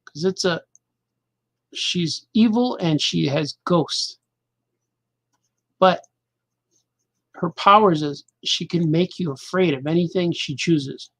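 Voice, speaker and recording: A man's voice: a little high, takes it slowly, long pauses, a bit bright, no room sound. A middle-aged man hosting a casual show as a cartoonist, rambling and joking loosely, half talking to himself while he draws. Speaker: cartoonist and podcast host.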